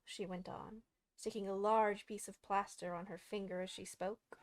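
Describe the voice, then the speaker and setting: A woman narrating a classic children's story in a calm, expressive audiobook reading. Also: mid-range voice, normal speed, no echo.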